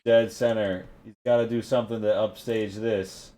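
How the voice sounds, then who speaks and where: A man running a tabletop role-playing game as game master, narrating in a halting way with many fillers. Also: fairly low pitch, steady tone, dark tone, slight background noise.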